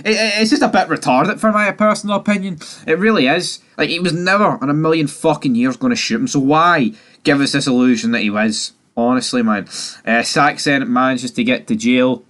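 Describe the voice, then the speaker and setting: A man's voice: medium pitch, brisk, a bit bright. Sweary man recapping a show. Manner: sweary, opinionated, mocking. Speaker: TV series recapper. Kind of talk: casual TV recap.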